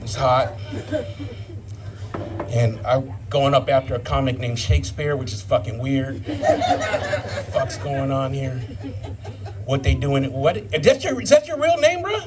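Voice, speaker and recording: A man's voice: medium pitch, expressive, measured pace, pauses often, background noise. A man in his fifties doing a live stand-up set, telling profane stories and working the crowd. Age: 50s. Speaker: stand-up comedian. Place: live brew pub comedy show.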